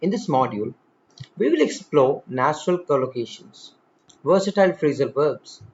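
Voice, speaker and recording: A man teaching a spoken English lesson, slow and deliberate, exaggerating the stress on example words. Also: on the high side, sing-song, a little mellow, lo-fi sound.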